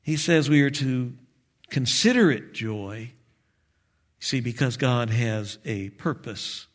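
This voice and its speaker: A man preaching a sermon as pastor, measured and earnest with light touches of humor. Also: mid-range voice, animated.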